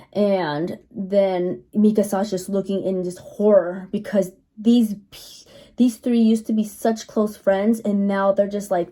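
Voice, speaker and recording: A woman's voice: medium pitch, mellow. A woman giving a casual, chatty episode recap, telling the story loosely with lots of fillers. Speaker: anime reviewer.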